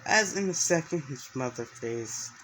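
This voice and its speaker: A man's voice: mid-range voice, lively intonation, unhurried, bright, forceful tone, a little hiss or hum, rough recording. A man narrating an improvised story, rambling along with many restarts and fillers.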